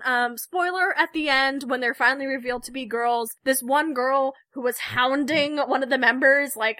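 A woman's voice: sits high, bright, forceful tone, no echo. A young woman co-hosting a podcast, chatting casually, laughing and retelling stories with animation. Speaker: podcast co-host.

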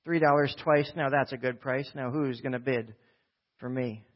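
A man's voice: medium pitch, fairly even intonation, moderate pace, lightly acted. A man voicing a folksy male auctioneer from a storybook poem, coaxing the crowd with sales patter over a dull, lo-fi recording. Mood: hawking. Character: folksy male auctioneer hawking an old violin.

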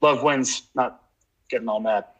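A man's voice: mid-range voice, unhurried, breathy edge, poor audio. A man speaking as a guest on a podcast, earnest and reflective in a casual conversation. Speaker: podcast guest, nature educator. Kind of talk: casual interview chat.

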